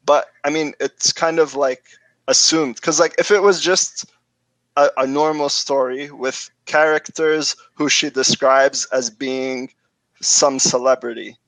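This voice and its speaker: A man's voice: mid-range voice, steady tone, measured pace, a bit bright, no room sound, low-quality recording. A man on a casual book discussion podcast, thinking aloud in a hesitant, searching way. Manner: thoughtful, hesitant, trailing off.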